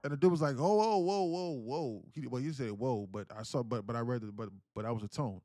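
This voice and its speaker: A man chatting casually as host of a live trading stream, with a mid-pitched voice. He tells stories with energy and slips into the voices of the people he quotes. The sound is dry and close, with faint music underneath. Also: fast, dry recording. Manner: animated storyteller who acts out quoted voices. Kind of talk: casual livestream chat.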